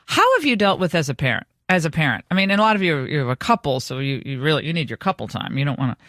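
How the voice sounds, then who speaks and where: A woman's voice: deep voice, big pitch swings, rapid-fire, a bit bright, no echo. Woman radio host, middle-aged, chatty storyteller, dry booth sound. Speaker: radio talk show host. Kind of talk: casual radio talk. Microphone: studio microphone.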